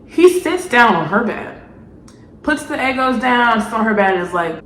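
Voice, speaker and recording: A woman ranting in a vlog commentary, animated, sarcastic and exasperated. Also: on the high side, normal speed, echoey room, slight background noise, low-quality recording. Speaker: video essayist.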